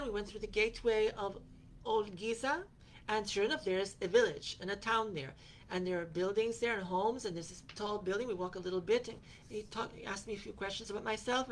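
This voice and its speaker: A woman's voice: medium pitch, a little fast, a little hiss or hum. A woman hosting a podcast, telling a personal travel story in a rambling way, with many fillers and restarts, and quoting the people she met. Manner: quotes other people in her retelling. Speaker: podcast host.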